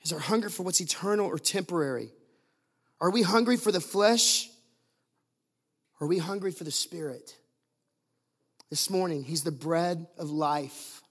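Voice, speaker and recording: Pastor guy with a high voice, preaching hard, asks the church question after question, repeats stuff for emphasis. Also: normal speed, pauses often, slightly rough. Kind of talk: sermon.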